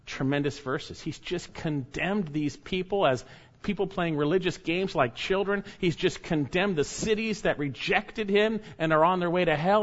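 A man preaching a sermon, emphatic, swinging between loud stresses and hushed, quiet lines. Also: high-pitched, moderate pace. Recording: dull lo-fi sound.

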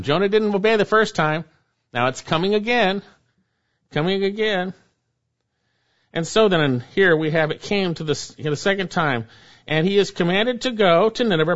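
A man's voice: high-pitched, a bit bright, dull audio. A man preaching an expository sermon as pastor, emphatic and repeating key phrases for weight.

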